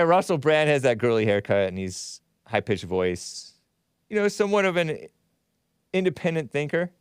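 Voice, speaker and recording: A man's voice: mid-range voice, smooth, dry recording, studio quality. A man hosting his own talk show, delivering a rambling, mocking monologue and laughing often. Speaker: host. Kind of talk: casual monologue.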